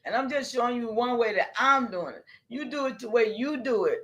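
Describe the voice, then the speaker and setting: A middle-aged woman preaches on a livestream in a high voice. She talks straight to her viewers, excitable and insistent. Often she breaks into shouts. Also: a little fast, highs cut off. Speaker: livestream host. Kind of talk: impassioned livestream talk.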